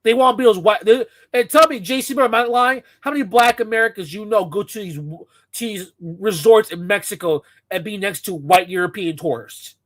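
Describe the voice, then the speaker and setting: A man's voice: high-pitched, brisk, few pauses, fairly bright tone, no room sound. A man giving a profane, scornful rant as a commentator reacting to a clip.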